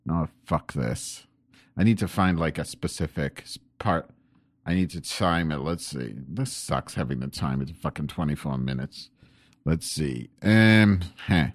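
A man's voice: extremely low pitch, lively intonation, unhurried, no echo, studio quality. A man recording comedy bits, first answering with mock earnestness and then muttering profane asides to himself. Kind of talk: casual profane rambling aside.

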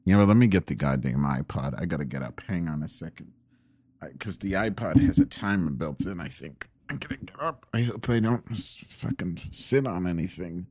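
Brief: a man with a very deep voice and a close, dry sound, rambling profanely between bits. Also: expressive, moderate pace, a little mellow, slightly rough, no echo. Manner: mock-earnest, then muttering and swearing to himself. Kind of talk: casual profane rambling aside.

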